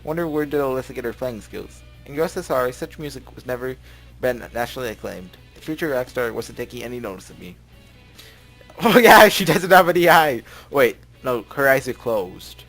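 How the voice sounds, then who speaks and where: A man with a mid-range, slightly fast voice hosts a let's play, reading visual novel text aloud over game music. He's chatty and laughs often, tossing in joking asides and stumbling over words frequently.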